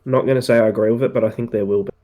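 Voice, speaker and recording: A man co-hosting a podcast, giving firm opinions in relaxed casual chat with plenty of fillers. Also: on the low side, rapid-fire, phone-quality sound. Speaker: podcast co-host.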